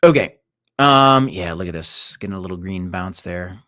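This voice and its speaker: A young man hosting a casual crypto livestream, talking in a rambling, animated way that swings between loud and quiet. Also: low-pitched, normal speed. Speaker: crypto show host. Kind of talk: casual livestream market chat.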